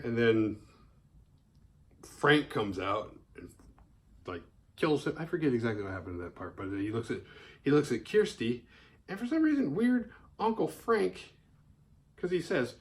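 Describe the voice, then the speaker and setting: A man's voice: unhurried, long pauses. A man casually recapping a horror film, swearing freely and acting out the characters' lines in exaggerated voices. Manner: animated, profane, acts out characters' lines in high voices.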